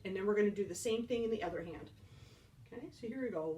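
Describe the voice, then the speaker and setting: A woman's voice: mid-range voice, lively intonation, a little fast, far from the mic, a little hiss or hum. A woman band teacher giving a beginner percussion lesson, upbeat and encouraging, counting beats aloud.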